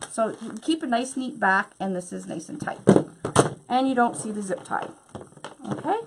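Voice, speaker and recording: A woman's voice: a little high, slight background noise. A woman hosting a craft tutorial, chatty and bubbly as she explains each step while working. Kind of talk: hands-on craft demonstration.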